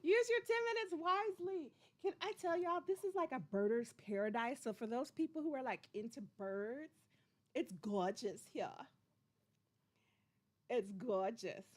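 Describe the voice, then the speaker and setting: A woman in her forties hosts a casual livestream, her voice pitched high. She chats loosely and playfully, drawls her y'alls and calls out to viewers by name with excitement. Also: unhurried. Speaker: livestream host.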